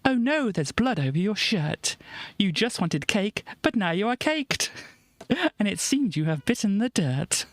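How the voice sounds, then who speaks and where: A woman's voice: mid-range voice, big pitch swings, measured pace, no echo, pitched above the performer's own voice. A woman voicing a young man in her comic who makes jokey puns over a wounded friend. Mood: mock dramatic. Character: lovestruck young man finding a dying friend.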